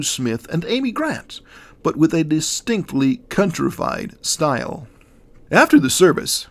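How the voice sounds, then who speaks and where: A man narrating a detailed dream account in a measured, descriptive reading. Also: fairly high pitch, gravelly.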